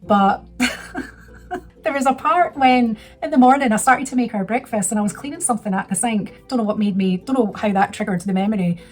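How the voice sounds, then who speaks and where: A woman's voice: on the high side, normal speed. Chatty woman telling a story. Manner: chatty, rambling, emotional storyteller. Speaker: vlogger. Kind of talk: casual storytelling.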